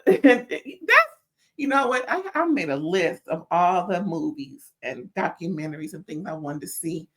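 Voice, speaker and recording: A woman hosting a casual reality TV review, sassy and animated, calling listeners "child" and stammering when riled up. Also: on the low side. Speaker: reality TV recap host.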